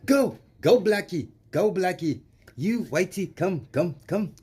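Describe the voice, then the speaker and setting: A man's voice: sits high, expressive, takes it slowly, a little mellow, breathy edge, pitched above the performer's own voice, full character voice. A man voicing a mocking male official in a put-on South African accent, sing-song and taunting.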